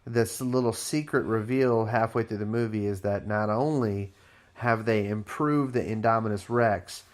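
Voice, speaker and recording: A man co-hosting a podcast, casually retelling a film plot in a slangy, relaxed way. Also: lowish voice, moderate pace. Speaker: podcast co-host. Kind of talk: casual chat.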